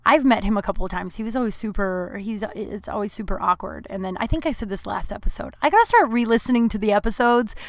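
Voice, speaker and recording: A woman hosts her own podcast, telling stories solo in a rambling, frank, casual style with lots of fillers and swearing. She talks fast in a mid-range voice with few pauses, and there's no echo.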